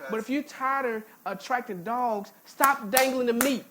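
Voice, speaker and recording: Brief: woman preacher, higher voice, emphatic folksy sermon delivery, faint hiss behind. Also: measured pace, hardly any pauses. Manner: emphatic, repeats words and stammers into restarts; folksy, informal speech with jokes. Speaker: pastor. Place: church sanctuary.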